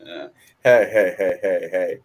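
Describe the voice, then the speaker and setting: A man's voice: low-pitched, measured pace. A man on a podcast panel, joking and bantering playfully with the others. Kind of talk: casual podcast discussion.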